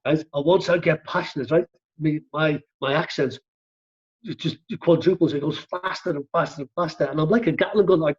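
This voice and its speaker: A middle-aged Liverpool man with a thick Scouse accent tells a story, quick and animated. His voice sits a touch high and sounds husky. The recording is muffled and lo-fi. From Liverpool, England. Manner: animated, fast-talking, peppers speech with "right?". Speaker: stunt coordinator guest. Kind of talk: casual storytelling chat.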